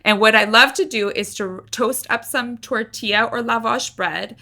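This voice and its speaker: A woman's voice: a little high, moderate pace, pushed and bright. A woman co-hosting a food podcast in easygoing casual chat, full of "like" fillers. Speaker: podcast co-host.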